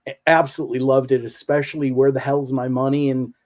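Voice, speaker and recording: A man co-hosting a podcast, telling stories in an animated, enthusiastic way in casual chat. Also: mid-range voice, quick pace. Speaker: podcast co-host.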